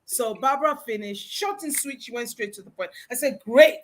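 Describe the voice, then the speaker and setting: A woman guest on a video-call talk show, telling a story with lively, expressive delivery and acting out the lines of people she quotes. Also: on the high side, moderate pace. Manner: expressive, acts out quoted dialogue. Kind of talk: animated storytelling chat.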